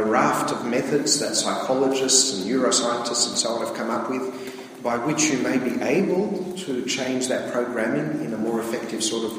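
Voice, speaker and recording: A man's voice: mid-range voice, a little hiss or hum. Male priest, chatty sermon, picked up from a distance in a reverberant church; keeps asking "okay?". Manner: plain-spoken, keeps checking in with "okay". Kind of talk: conversational sermon. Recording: distant, echoey church recording.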